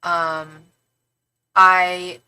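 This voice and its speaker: A middle-aged woman with a Northern California accent, hosting a casual livestream tarot channel and chatting with viewers in an animated, slangy way full of "like.". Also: on the low side, drawn-out words, clear, resonant tone, poor audio. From San Francisco Bay Area, California. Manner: animated and slangy, with frequent "like" and playful swearing. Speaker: tarot reader and livestream host. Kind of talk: casual livestream chat, reading viewer comments aloud.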